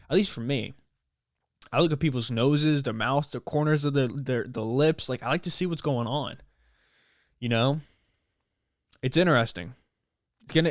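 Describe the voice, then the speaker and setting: A young man, hosting his podcast and talking in a rambling, animated, slangy way. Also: a little high, no room sound, studio quality. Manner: rambling, animated, slangy, with playful put-on voices. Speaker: podcast host. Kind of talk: casual solo podcast monologue.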